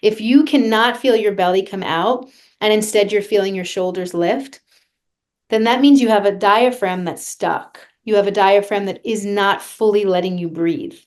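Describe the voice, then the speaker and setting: A woman's voice: mid-range voice, moderate pace. A woman vocal coach being interviewed on a podcast, talking earnestly and guiding listeners through a breathing exercise.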